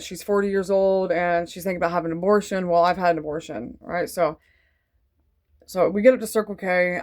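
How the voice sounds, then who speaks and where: With a fairly low, somewhat dark voice, a woman who vlogs Christian testimonies tells her faith story casually. She digresses often and leans on fillers, but stays earnest and devout throughout.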